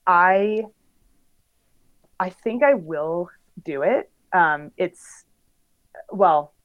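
A woman's voice: on the low side, expressive, extremely slow, narrow, tinny audio. A young woman, a professional bike racer, chatting casually in an interview with lots of fillers and laughs. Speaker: pro bike racer guest.

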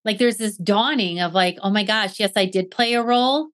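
A woman's voice: medium pitch, moderate pace, a bit bright. A woman hosting a podcast in casual conversation, chatty and full of fillers. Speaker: podcast host.

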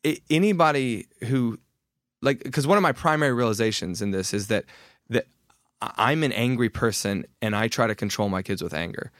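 A man's voice: medium pitch, lively intonation, a little fast, a bit bright, no room sound, clean studio sound. A man in his thirties, a guest author talking candidly and self-deprecatingly in a casual podcast conversation, often restarting his sentences.

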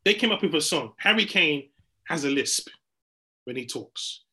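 A man in a heated sports debate, animated and argumentative, breaking into chants and laughter. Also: fairly high pitch, moderate pace, low-quality recording.

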